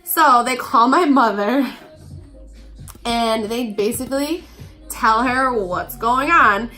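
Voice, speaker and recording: A woman's voice: fairly high pitch, slow pace, sharp tone, faint music behind. A young woman telling a casual storytime vlog, chatty and filled with "like", acting out the voices of people in her story. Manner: chatty, heavy use of "like", acts out quotes. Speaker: vlogger.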